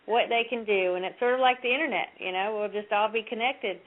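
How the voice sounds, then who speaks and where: A woman's voice: on the high side, fast talker. A woman calling in to a radio show, talking earnestly and rambling with many fillers. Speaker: caller. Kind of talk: phone-in chat. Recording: tinny phone line.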